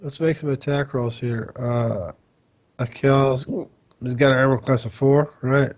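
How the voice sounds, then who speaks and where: A man playing in an online tabletop game, calmly talking through his dice rolls. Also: mid-range voice, measured pace, muffled recording. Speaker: player. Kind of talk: casual game chat.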